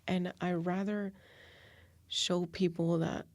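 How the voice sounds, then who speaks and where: A woman in her late twenties hosting a reflective solo podcast, talking softly and confessionally and often sinking into a whisper. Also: fairly low pitch, level tone, slow, dry recording. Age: 20s. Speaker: podcast host.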